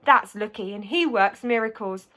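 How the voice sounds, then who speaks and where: A woman's voice: medium pitch, moderate pace, bright, forceful tone, close to an everyday voice. A woman voicing a kind young nurse, reassuring a patient who has just woken. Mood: laughing. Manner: soothing, reassuring.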